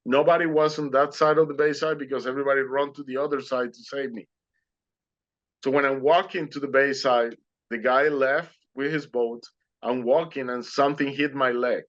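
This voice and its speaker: A man's voice: medium pitch, fairly even intonation, moderate pace, a bit bright. A man giving a heartfelt personal storytelling talk, earnest and emotional, with simple phrasing. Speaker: guest speaker sharing his near-death story. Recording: slightly dull lo-fi recording.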